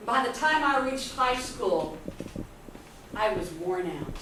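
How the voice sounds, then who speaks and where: A woman in her fifties giving an inspirational speech, telling her story with dramatic pauses. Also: mid-range voice, very animated, pushed and bright. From Texas, USA. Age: 50s. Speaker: motivational speaker. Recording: echoey hall from far off, faint noise.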